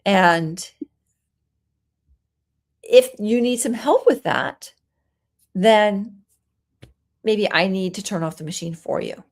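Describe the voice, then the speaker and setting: A woman parenting coach giving a solo talk, explaining calmly and acting out soothing things a parent might say. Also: mid-range voice, slow pace, long pauses. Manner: gentle, explanatory, acts out soothing parent lines.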